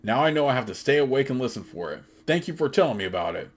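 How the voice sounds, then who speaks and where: A man voicing a huge, grumpy, hungry male cave giant as he reads a video game's dialogue aloud, with blunt, gruff complaints. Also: medium pitch, sing-song, quick pace.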